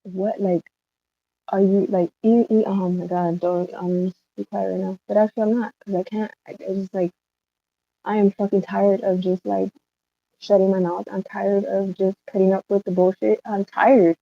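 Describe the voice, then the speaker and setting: A woman's voice: medium pitch, little pitch movement, normal speed, gravelly, no echo. A woman livestreaming an emotional rant, upset and rambling, swearing often. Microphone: phone livestream. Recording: slightly dull lo-fi stream audio.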